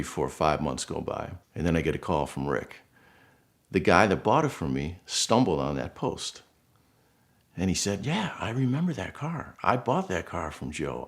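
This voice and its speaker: A middle-aged man from Buffalo, New York, earnestly telling a personal story in a casual way and acting out the people he quotes. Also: low voice. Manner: earnest, emotional, animated quotes. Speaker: guest storyteller.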